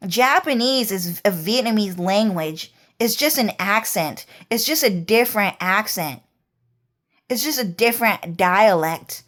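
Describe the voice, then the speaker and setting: A woman's voice: mid-range voice, expressive, measured pace, fairly bright tone. A woman talking in a rambling, repetitive monologue, casual and peppered with swearing. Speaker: vlogger.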